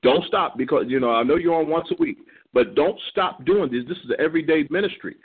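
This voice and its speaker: A man's voice: a little high, a little fast, slightly rough. Older man exhorting over a phone line. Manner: exhorting, repeats words while searching. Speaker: elder leading a ministry prayer call. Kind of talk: encouraging church talk.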